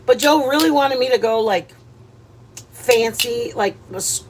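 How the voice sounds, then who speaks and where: A high-pitched woman chats with her viewers in a home kitchen. She is loud, teasing and quick to laugh. Faint background noise sits under the voice. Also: poor audio. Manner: lively, loud, playful, laughing. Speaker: cooking vlog host. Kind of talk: casual cooking chat with viewers.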